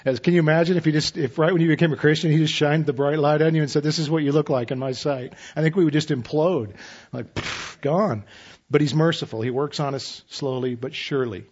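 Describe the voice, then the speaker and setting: A man in his fifties preaching a sermon as pastor, relaxed and conversational with self-deprecating humor. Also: a little high, quick pace, slightly rough, lo-fi sound.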